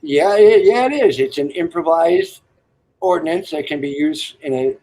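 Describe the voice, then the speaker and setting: A man's voice: high-pitched, huge pitch swings, measured pace, vocal fry, dark tone, low-quality recording. A man telling rambling, crude military stories and jokes in casual chat, laughing at his own lines. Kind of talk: casual storytelling on a live stream.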